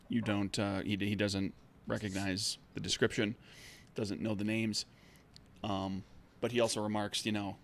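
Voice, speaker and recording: A man's voice: fairly low pitch, a little hiss or hum. A man narrates a tabletop game as game master. He talks in a loose, rambling way, backtracking and restarting his sentences as he describes the scene. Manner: rambling, many fillers and restarts.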